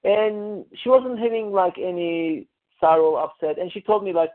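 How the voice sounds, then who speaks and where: Man on a tinny phone call. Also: sits high. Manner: halting, restarting and searching for words. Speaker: coaching client. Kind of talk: casual conversation on a coaching call. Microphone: call audio. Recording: narrow phone-line call audio.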